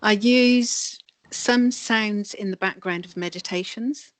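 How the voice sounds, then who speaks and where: A woman guest on a video call interview, calmly explaining energy healing. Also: mid-range voice, takes it slowly, no echo. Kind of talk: interview answers.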